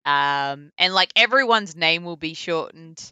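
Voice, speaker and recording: A woman with an Australian accent, a voice actor chatting casually in an interview, full of likes and ums and quick laughs. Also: sits low, expressive, bright, forceful tone, clean tone, dry recording. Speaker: voice actor guest.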